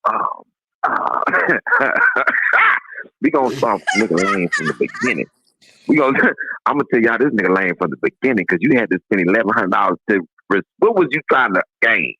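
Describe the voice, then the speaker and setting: A man's voice: lowish voice, fairly quick, husky, low-quality recording. A man in his fifties, a comedian calling in, trading casual comic banter and laughing often. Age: 50s. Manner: laughs often, animated storytelling. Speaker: call-in comedian guest.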